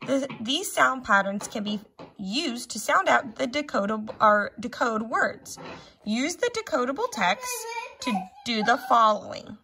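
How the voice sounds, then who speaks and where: Woman teacher, slow careful reading aloud, slightly higher voice, living room at home. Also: big pitch swings, pushed and bright, a little hiss or hum. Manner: reads story text very slowly and clearly, sounding out words. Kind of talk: at-home reading lesson for parents and children.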